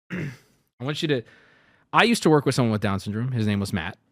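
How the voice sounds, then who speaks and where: A man streaming, riffing in casual commentary with crude jokes, lurching between loud rants and low mutters. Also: animated, normal speed, no room sound, clean studio sound.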